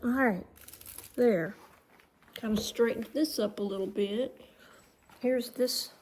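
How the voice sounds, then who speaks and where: A middle-aged woman chats slowly in her living room, drifting between thoughts and restarting her sentences. Her voice sits a little high for a woman. A faint hiss runs under the recording. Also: darkish tone. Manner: rambling, chatty, trails off and restarts. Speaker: vlogger. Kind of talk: casual home vlog.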